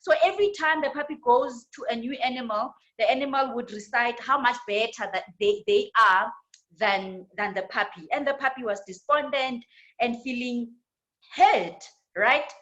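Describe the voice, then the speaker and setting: South African woman teaching, higher voice. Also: normal speed, fairly bright tone, muffled recording. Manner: tag questions, repetitions. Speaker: women's ministry trainer. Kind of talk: church leadership teaching.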